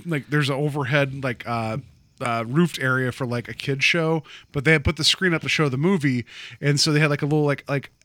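A man's voice: mid-range voice, steady tone, a little fast, fairly bright tone, no room sound. A man from West Virginia chatting casually on a podcast, rambling with lots of fillers and restarts. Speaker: podcast co-host. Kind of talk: casual chat.

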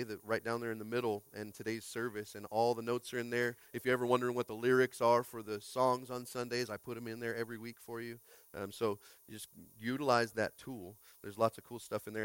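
A man's voice: medium pitch, a bit bright, smooth, dry recording. A man preaching a casual, joking sermon as pastor, chatting with the congregation and stumbling through restarts and fillers. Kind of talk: casual sermon with crowd interaction. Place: church sanctuary.

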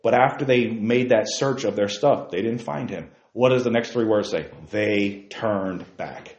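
A man preaching a sermon to young people, lively, calling listeners by name and asking them questions, swinging from loud outbursts to hushed asides. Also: mid-range voice, normal speed, echoey room, poor audio. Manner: addresses listeners by name, asks rhetorical questions. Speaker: youth preacher.

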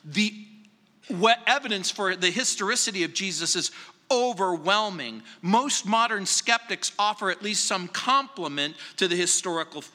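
A man delivering a verse-by-verse sermon as a pastor, measured and emphatic, stressing phrases slowly. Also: high-pitched, lively intonation, pushed and bright, big-room sound. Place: church sanctuary.

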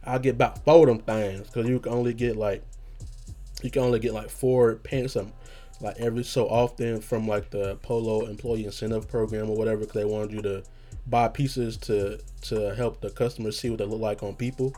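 A man hosting his own show, telling a rambling casual story with a just-woken hoarse voice and a habit of saying "you know what I'm saying". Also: fairly low pitch, fairly even intonation, a little fast, dark tone. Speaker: podcast host.

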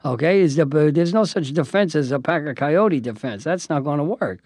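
A man, a lawyer, telling a lively anecdote with asides and voiced quotes. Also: fairly high pitch, normal speed, slightly rough, no room sound, studio quality. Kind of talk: spoken anecdote.

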